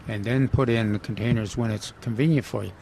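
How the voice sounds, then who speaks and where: A man talks through garden advice in a gravelly voice, full of "uh"s and restarts. His casual radio chat is recorded outdoors at a nursery, with faint background noise. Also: medium pitch, steady tone, warm tone. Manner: halting, many fillers and restarts. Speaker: gardening show co-host.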